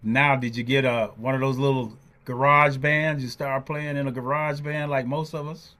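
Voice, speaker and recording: A man's voice: medium pitch, normal speed. An older man hosting an interview, telling stories and acting out the voices of people he quotes. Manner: animated storyteller, acts out quoted voices. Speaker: podcast host, drummer. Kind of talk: storytelling interview chat.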